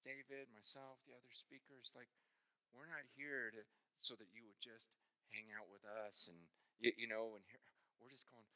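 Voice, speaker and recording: A man preaching at a conference, telling stories emphatically, dropping to a hush and rising to loud, impassioned peaks. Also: mid-range voice, fairly even intonation, moderate pace. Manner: emphatic storytelling, swings from hushed to loud and impassioned. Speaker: pastor. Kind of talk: conference sermon. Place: conference hall. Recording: speech in a large reverberant hall.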